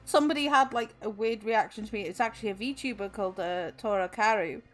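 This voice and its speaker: A woman's voice: mid-range voice, quick pace, soft background music. A Welsh woman in her twenties chatting on a stream, chatty and giggly with lots of fillers. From Wales. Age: 20s. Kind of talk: casual chat.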